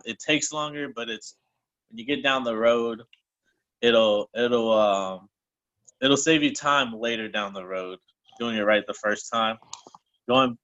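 Brief: breathless man, bright edgy voice, rambling casual storyteller, muffled call audio. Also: medium pitch. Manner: loose, rambling, self-correcting. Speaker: group call participant.

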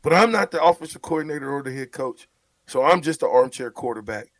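A man co-hosting a sports radio show, talking football in an animated, repetitive, coaching way. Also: medium pitch, fast, dry recording. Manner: animated, repeats words, coaching tone. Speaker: sports radio co-host, former player. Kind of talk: casual sports talk.

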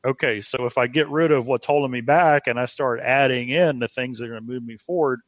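A man speaking as a podcast guest, explaining coaching ideas in a measured way. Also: medium pitch, dry recording, muffled recording. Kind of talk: podcast conversation.

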